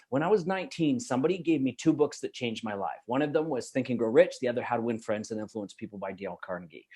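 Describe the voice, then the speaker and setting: A middle-aged man from Canada, giving an energetic, emphatic motivational talk as a guest speaker. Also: mid-range voice, husky. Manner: energetic, emphatic, laughs easily.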